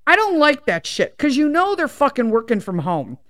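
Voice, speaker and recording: Animated, swearing woman ranting. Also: high-pitched, moderate pace. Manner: animated, heavily profane, exasperated. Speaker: podcast host. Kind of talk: casual storytelling rant.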